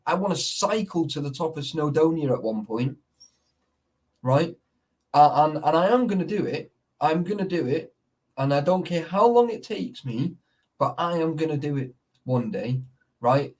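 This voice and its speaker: Man, talkative and profane, voice a touch high, keeps checking you're with him. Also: animated, normal speed, darkish tone, husky, distant mic. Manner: sweary, rambling, keeps asking "you know what I mean". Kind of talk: casual chat.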